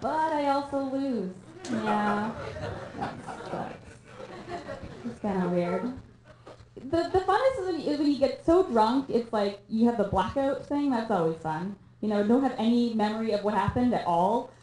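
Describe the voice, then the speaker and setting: A young woman from Canada performing a stand-up comedy set on a theatre stage, deadpan and self-mocking with quick asides. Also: on the high side, background noise. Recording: echoey room, live audience.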